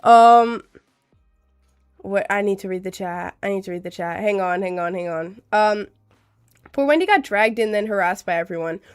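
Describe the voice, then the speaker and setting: A woman's voice: mid-range voice, moderate pace, clear, resonant tone, soft background music. Giggly young woman streamer with a cold. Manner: rambling, giggly, chatty, reads chat aloud. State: has a cold. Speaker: live streamer. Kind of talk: casual live-stream chat.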